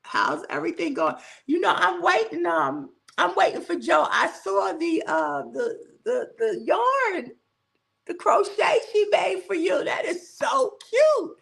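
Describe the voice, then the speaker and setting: A woman's voice: very high voice, sing-song, a little slow, creaky, fairly bright tone. A woman hosts a casual livestream, chatting with viewers, laughing often and drawing out her thank-yous. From southern United States. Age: 60s. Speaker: livestream host. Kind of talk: casual live chat greeting viewers.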